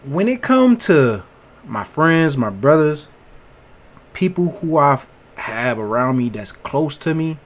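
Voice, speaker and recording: A man's voice: on the high side, very animated, slow. A man casually reacting to a friend's story in plain, laid-back talk.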